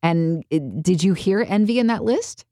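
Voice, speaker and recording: A woman's voice: lowish voice, lively intonation, moderate pace, warm tone, no room sound, studio quality. A woman co-hosting a faith podcast, explaining church history in a chatty, easygoing way. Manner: chatty, explanatory, laughs easily. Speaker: podcast co-host. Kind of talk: casual faith podcast chat.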